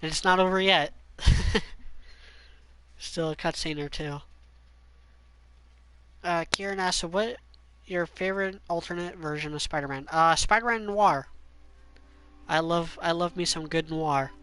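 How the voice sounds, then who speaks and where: A man's voice: a little high, measured pace, long pauses, bright, forceful tone, clean tone. A man streaming a game, chatting casually and reading viewer questions. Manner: chatty, opinionated, filler-heavy. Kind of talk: casual live-stream commentary.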